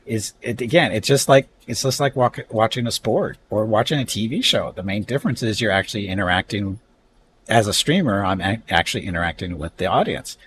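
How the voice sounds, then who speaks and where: A man's voice: fairly low pitch, a little fast, a bit bright, a little hiss or hum. A man chatting casually on his live stream, telling a rambling, conversational story.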